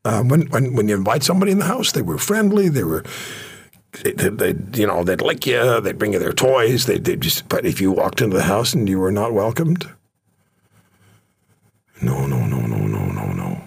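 Talk host, deep gravelly voice, lively, jokey storyteller. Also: male voice, a little fast. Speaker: radio talk show host.

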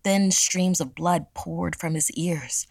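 Low, gravelly woman narrating horror. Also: slow pace, darkish tone, dry recording. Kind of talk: first-person horror story narration.

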